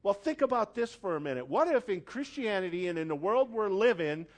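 Male preacher, sermon, fairly high voice, very animated pitch, dramatic storytelling, hushed to loud. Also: brisk. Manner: repeats words, builds from hushed to loud.

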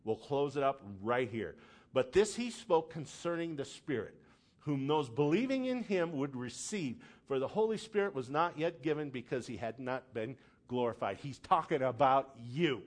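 A pastor preaching a sermon, casual asides and checking in with the congregation, building to loud emphatic peaks. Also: male voice, medium pitch, expressive, normal speed. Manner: conversational asides, checks in with "okay?".

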